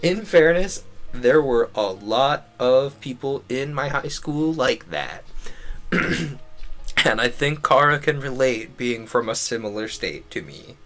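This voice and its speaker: A man's voice: mid-range voice, big pitch swings, slow, a bit bright. Joking young man reading a visual novel. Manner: joking, chuckling asides. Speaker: streamer.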